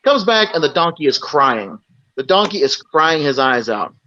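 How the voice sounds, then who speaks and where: A man's voice: on the high side, big pitch swings, moderate pace, sharp tone. Young guy telling raunchy bar jokes on stream; muffled, lo-fi sound. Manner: crude joke teller, acts out characters. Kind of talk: joke telling on a live stream.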